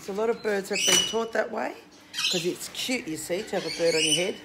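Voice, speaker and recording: A woman's voice: medium pitch, fairly quick, gravelly. A woman, talking casually to her phone camera at home, blunt and chatty, scolding her viewers. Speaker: vlogger. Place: home with a bird deck, indoors. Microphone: handheld phone camera. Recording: noisy home with squawking birds.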